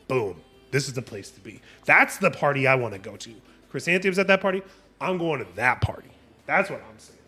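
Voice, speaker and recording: A man's voice: mid-range voice, fairly bright tone, slightly rough. A man hosting a live online tournament, calling the plays and joking with chat in a playful, hype-driven way. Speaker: tournament host and caster. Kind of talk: live esports play-by-play commentary on a stream.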